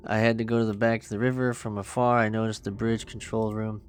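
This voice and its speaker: A man's voice: on the low side, little pitch movement, fast talker, clear, resonant tone, soft background music. A man streaming a horror game, reading its text aloud with crude, joking asides. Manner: profane, joking asides between narration. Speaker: gaming streamer.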